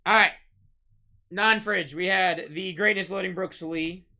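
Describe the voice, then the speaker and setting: A man hosting a live-streamed trading card break, rattling off pulled cards, shouting out big hits and bantering with chat. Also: sits high, steady tone, gravelly. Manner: rapid-fire calling of card names, shouting big hits; chatty, teasing banter with chat.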